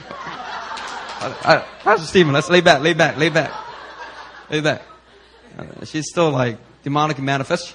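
A male preacher with a somewhat high, bright and forceful voice. He tells a testimony in a loose, chatty sermon style, full of "you know" and "like." His delivery is animated and conversational rather than formal. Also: husky. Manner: animated, chatty storytelling with many fillers.

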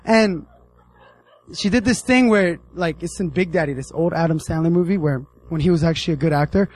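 A young American man giving a casual, animated sermon, acting out the characters in his story. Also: fairly high pitch, brisk, low-quality recording. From United States. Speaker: preacher.

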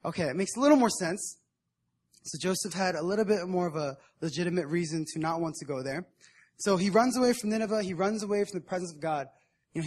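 A young man preaching at a prayer meeting in a casual, conversational way, retelling a Bible story in everyday slang. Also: sits high. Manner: conversational, acts out Bible figures in modern slang. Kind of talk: casual sermon.

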